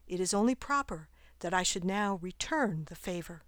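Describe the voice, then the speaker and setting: A woman voicing a wise, calm spider near the end of its life, speaking in a gently teasing, philosophical way in a storybook reading. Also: on the low side, normal speed, no room sound, clean studio sound, lightly acted. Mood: solemn. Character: wise calm female garden spider nearing death.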